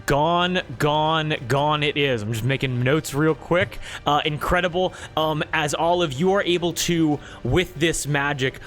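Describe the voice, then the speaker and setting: A man running a tabletop game as game master, thinking aloud and halting with many fillers. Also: on the high side, fairly bright tone, faint music behind.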